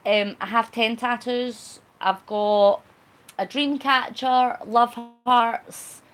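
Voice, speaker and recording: A woman hosts a relaxed live-stream chat, answering viewer comments one by one. Her voice sits somewhat high for a woman. She is talkative and a little cheeky and laughs easily. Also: slow pace. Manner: chatty and cheeky, laughs often. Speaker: vlogger.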